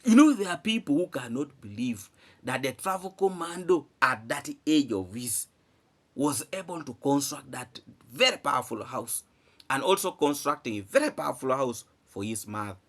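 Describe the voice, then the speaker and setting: Animated man, lively rhetorical vlogger. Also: medium pitch, normal speed. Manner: emphatic, repeats phrases, asks rhetorical questions. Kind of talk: animated commentary to camera.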